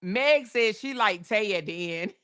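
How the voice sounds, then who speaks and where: A woman's voice: medium pitch, lively intonation, takes it slowly, fairly bright tone. A woman hosting a casual livestream, chatting with viewers, reading their messages aloud and drawing out names with a laugh. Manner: chatty, drawls names, reads super chats aloud, laughs often. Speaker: livestream host. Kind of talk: casual live chat with viewers.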